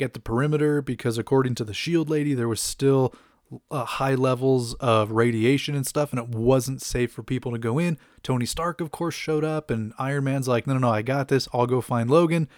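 A man's voice: medium pitch, steady tone, moderate pace, a little mellow, no echo, studio quality. A young man casually recapping a comic book, chatty with many fillers and asides.

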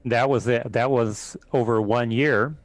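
Calm male priest telling a story. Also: mid-range voice, unhurried, no echo, low-quality recording. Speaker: priest and exorcist, guest. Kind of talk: interview storytelling.

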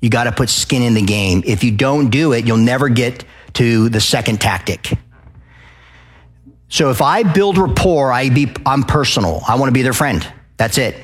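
A man from Arizona speaking at a live event, lecturing an audience in a loud, passionate way and often checking in with "okay?" and questions. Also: mid-range voice, lively intonation, normal speed. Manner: addresses the crowd with frequent "okay?" and questions.

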